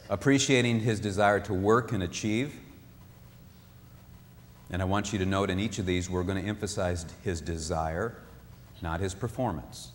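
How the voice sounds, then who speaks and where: A man giving a sermon-style talk on marriage, animated, acting out what spouses say. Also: lowish voice, in a large hall, a little hiss or hum. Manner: animated, acts out spouses' voices. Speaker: marriage speaker.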